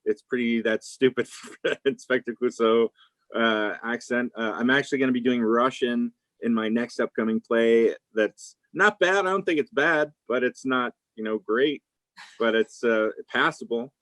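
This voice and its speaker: A man's voice: medium pitch, moderate pace, a bit bright, no echo, rough recording. A man, an actor, talking casually as an interview guest, rambling with many fillers and restarts.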